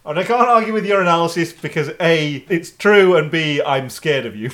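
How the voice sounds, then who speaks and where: Ein Mann mit britischem Akzent, der als Co-Host trockene Bemerkungen in ein lockeres Filmgespräch wirft. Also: male voice, on the high side, expressive, moderate pace, a bit bright. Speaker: podcast co-host. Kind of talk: casual film discussion.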